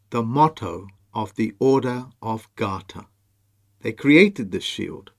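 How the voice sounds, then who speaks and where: A man presenting a monologue over on-screen images, slow, emphatic and commanding as he speaks straight to the viewer. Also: on the low side. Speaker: video presenter.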